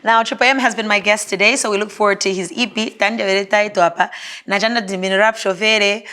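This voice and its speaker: A woman hosts a radio and TV interview. She talks fast in a middle-pitched voice, with quick, chatty questions. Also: steady tone, pushed and bright. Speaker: host.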